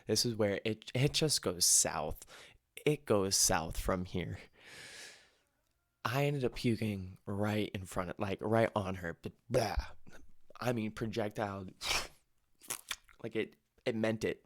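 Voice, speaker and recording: A man's voice: lowish voice, slow, long pauses, no echo, studio quality. A young man hosting a podcast from home, rambling and swearing freely as he tells a comic party story. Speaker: podcast host. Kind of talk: comedic storytelling. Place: home room.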